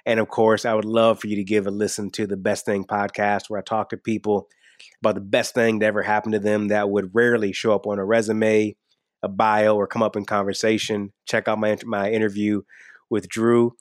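A man's voice: lowish voice, little pitch movement, fairly quick, no room sound. Earnest man, dry close sound. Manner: earnest, enthusiastic, repeats words when emphatic. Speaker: podcast guest. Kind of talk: casual interview talk.

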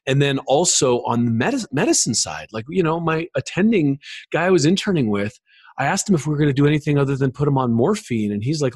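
A man of middle pitch talks casually as an interview guest. His storytelling is animated, and he often jumps up into quoted voices. The recording is close and dry, with no room echo. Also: brisk, husky. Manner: animated, acts out quoted voices, many fillers. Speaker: podcast guest.

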